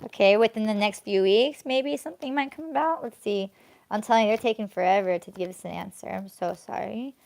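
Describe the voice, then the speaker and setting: A young woman streaming a live tarot reading, talking casually as she shuffles and draws cards. Her pitch sits in the middle of a woman's range, and she stretches words out between bursts of excitement. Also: vocal fry. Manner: chatty, drawn-out, breaks into excited squeals. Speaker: tarot card reader.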